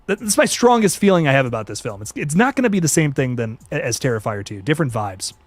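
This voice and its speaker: A young man hosting a casual live stream, reading chat and reacting with excitable slang and quick restarts. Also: medium pitch, no room sound. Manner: excitable, laid-back slang, frequent laughs and restarts.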